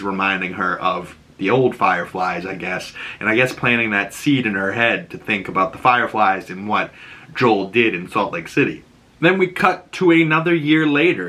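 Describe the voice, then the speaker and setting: Young Boston guy, bright and forceful, chatty TV recapper who leans on "you know.". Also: fairly low pitch. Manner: animated, lots of "you know". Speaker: TV recap host. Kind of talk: casual recap.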